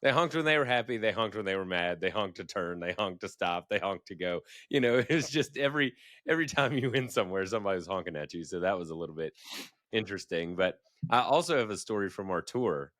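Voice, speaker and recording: A man's voice: low-pitched, animated, quick pace, fairly bright tone, no room sound, clean studio sound. A man co-hosting a podcast, telling easygoing travel stories in casual chat and chuckling as he talks. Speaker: podcast co-host.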